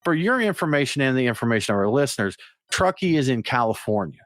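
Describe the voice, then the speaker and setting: A man co-hosting a beer podcast in a relaxed, joking back-and-forth. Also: mid-range voice, fast, no room sound, studio quality. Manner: easygoing, joking banter. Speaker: podcast co-host. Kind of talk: casual chat.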